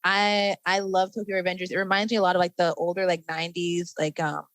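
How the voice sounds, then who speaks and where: A woman's voice: fairly low pitch, flat delivery, fast talker, fairly bright tone, no room sound, poor audio. A woman guest on a podcast, describing things enthusiastically with lots of fillers. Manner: enthusiastic, rambling, many fillers. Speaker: guest, anime content creator. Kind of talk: casual interview chat.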